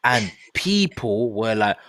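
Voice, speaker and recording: A London man co-hosts a podcast, his pitch swinging widely as he reacts. The sound is close and dry, with no room around it. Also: very animated, slow, fairly bright tone, dry recording. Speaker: podcast host. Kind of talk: casual podcast chat.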